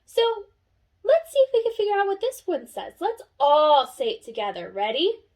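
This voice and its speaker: A young woman teaching a phonics lesson, sounding out letters slowly and praising an imagined class. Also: sits high, huge pitch swings. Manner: slow, sing-song classroom praise and sounding out.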